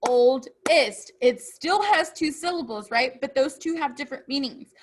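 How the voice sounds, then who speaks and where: A woman's voice: sits high, measured pace. A woman teaching a children's phonics lesson, patiently asking questions and answering them herself.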